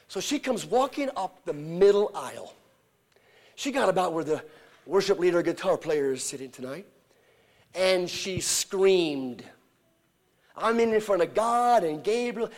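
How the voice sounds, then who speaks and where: Man, evangelist sermon, high voice, dramatic shouts and whispers, acts out voices. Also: animated, moderate pace. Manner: acts out quoted voices in storytelling.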